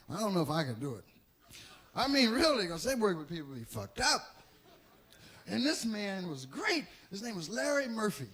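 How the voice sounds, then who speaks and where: A man's voice: sits high, fairly bright tone. A man performing live stand-up comedy, telling a profane story and jumping into acted voices.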